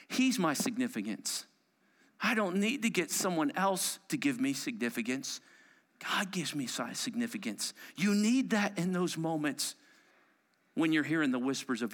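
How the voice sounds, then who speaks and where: Animated, bright-voiced preacher man. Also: a little high, moderate pace. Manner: emphatic preaching, swinging from loud declarations to hushed whispers. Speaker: pastor. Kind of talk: sermon.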